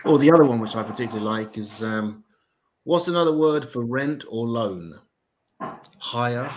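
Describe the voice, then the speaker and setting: A man's voice: medium pitch, lively intonation, moderate pace, lo-fi sound. An English man hosting an open mic comedy show, with profane, self-mocking stand-up banter. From England.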